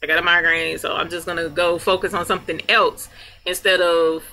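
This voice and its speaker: Woman host, chatty live-stream greeter, laughs a lot, embroidery machine humming loudly behind her. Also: fairly low pitch, level tone, brisk. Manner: chatty, greets viewers by name, laughs often. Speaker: livestream host. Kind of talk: casual live chat with viewers. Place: workroom with embroidery machine running. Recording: clear machine hum behind voice. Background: embroidery machine noise.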